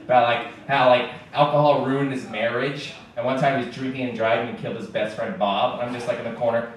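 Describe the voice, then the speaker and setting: A man's voice: medium pitch, quick pace, hardly any pauses. Man doing stand-up in an echoey club. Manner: deadpan joke delivery, jumps to loud mock-shouting. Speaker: stand-up comedian. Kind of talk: stand-up set. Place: comedy club stage. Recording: echoey club taped from far off with faint hiss.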